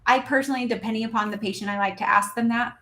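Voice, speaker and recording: A woman's voice: a little high, steady tone, rapid-fire, sharp tone. A woman giving practical coaching advice in a podcast conversation, talking animatedly and acting out bits of dialogue between patients and staff. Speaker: dental practice consultant, podcast guest.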